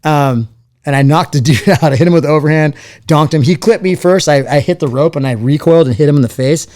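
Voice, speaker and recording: A man's voice: on the high side, quick pace, darkish tone. A man, telling stories from his fighting career as an interview guest and acting out the voices of the people he quotes. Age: 40s. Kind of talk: casual storytelling interview.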